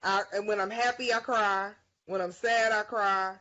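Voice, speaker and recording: A woman's voice: mid-range voice, fairly even intonation, moderate pace, sharp tone, lo-fi sound. A woman speaking in an emotional, self-deprecating way as a co-author in a live stream chat. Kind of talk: casual conversational chat.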